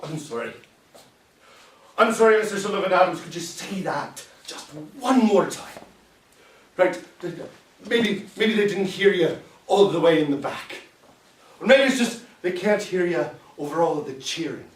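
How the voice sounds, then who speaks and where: An actor playing a bitter immigrant Civil War captain who drinks alone and rambles sardonically. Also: male voice, high-pitched, moderate pace, a little hiss or hum, natural voice. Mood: sardonic. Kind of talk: solo stage monologue. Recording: roomy echo from far off.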